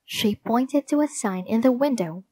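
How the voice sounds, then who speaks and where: A woman reading a children's storybook aloud in slow, clear narration. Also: fairly high pitch, expressive, mellow, dry recording. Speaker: storybook reader.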